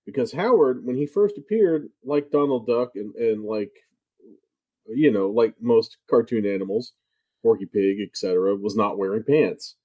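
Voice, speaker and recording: A man's voice: on the low side, moderate pace, highs cut off. A man co-hosting a casual podcast chat, who explains things and adds dry, wry jokes. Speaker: podcast co-host.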